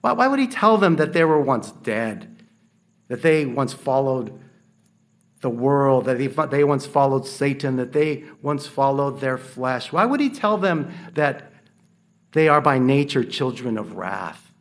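A man preaching a sermon in an earnest, measured way, asking rhetorical questions. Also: medium pitch, lively intonation.

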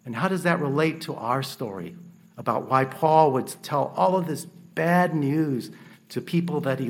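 A man preaching a sermon in an earnest, measured way, asking rhetorical questions. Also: a little high.

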